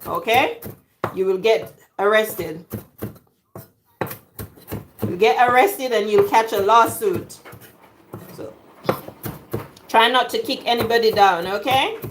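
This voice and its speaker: Slow-talking Jamaican woman, chatty cook. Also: medium pitch, background noise. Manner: chatty, jokey, laughs often. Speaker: cooking vlogger. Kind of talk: casual cooking chat. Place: home kitchen.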